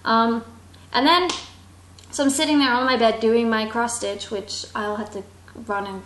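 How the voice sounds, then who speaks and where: A young woman telling a casual travel story, animated and acting out the voices of the people in it. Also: a little high, normal speed, echoey room. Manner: animated, acts out quoted voices. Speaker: vlogger.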